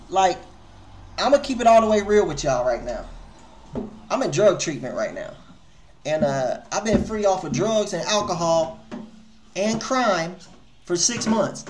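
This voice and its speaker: A man with a notably high voice hosts a live music review stream. He speaks casually in slang with a slight stutter. He drops into low, muttered asides, then bursts into loud exclamations. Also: slight background noise. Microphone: headphones on while streaming.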